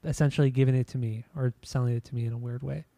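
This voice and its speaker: A man's voice: mid-range voice, fairly even intonation, racing, gravelly, dark tone, no echo. A man hosting a casual podcast, rambling and repeating himself as he wraps up an album review. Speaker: podcast host.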